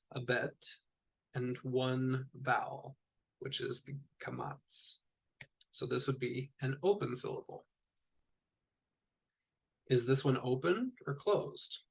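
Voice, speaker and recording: Man explaining a lesson, gravelly voice, mid pitch, relaxed with asides. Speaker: teacher. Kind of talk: casual recorded lesson.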